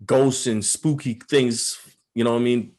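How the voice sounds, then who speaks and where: A man's voice: mid-range voice, steady tone, unhurried, a little mellow. A married man and father co-hosting a podcast, teasing his partner in playful, slang-heavy talk. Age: adult, married father. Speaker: podcast co-host. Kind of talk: casual chat.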